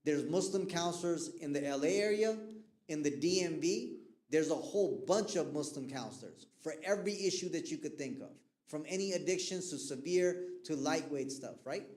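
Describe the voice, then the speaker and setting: Animated man lecturing in an echoey hall. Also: on the high side, moderate pace. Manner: animated, asks the audience to fill in words. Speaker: guest speaker on mental health. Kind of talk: lively lecture to youth. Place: mosque hall.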